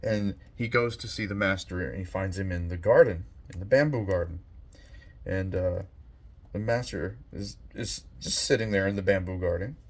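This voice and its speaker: Slow, soft-spoken reflective man. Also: deep voice. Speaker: channel host. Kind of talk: reflective monologue.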